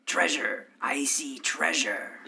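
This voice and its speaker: Unhurried, earnest male elf adventurer with a bright voice; a man plays him, tabletop game skit. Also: mid-range voice, gravelly, slight background noise, exaggerated voice. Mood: eager.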